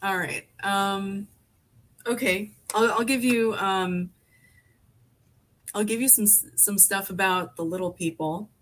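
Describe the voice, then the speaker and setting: A woman's voice: mid-range voice, steady tone, takes it slowly, long pauses, a bit bright. A woman in her forties, a podcast guest from Alaska, chatting in a rambling way full of fillers and restarts. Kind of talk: casual conversation.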